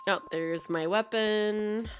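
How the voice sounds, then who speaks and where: A woman's voice: mid-range voice, steady tone, slow, a little hiss or hum. A woman from Canada chatting casually and laughing often while she streams a speedrun attempt. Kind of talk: casual live-stream chat while gaming.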